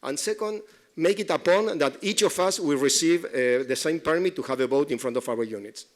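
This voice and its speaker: Guy complaining at a city meeting, kinda high voice, trips over his words a lot. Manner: halting, repeats words, insistent complaints. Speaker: resident giving public comment. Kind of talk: public comment at a city meeting.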